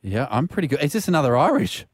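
A man's voice: fairly high pitch, sing-song, slightly rough, dry recording, clean studio sound. A man with an Australian accent co-hosting a radio show, playful and jokey in casual banter. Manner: playful, jokey, quick to do voices. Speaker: radio co-host. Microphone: studio microphone.

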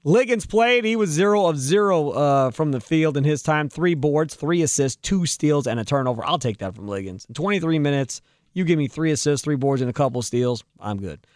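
A man's voice: fairly high pitch, a little fast, no echo, clean studio sound. A man hosting postgame sports talk radio, breaking down the box score and ranting about roster moves. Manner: animated, heated rants.

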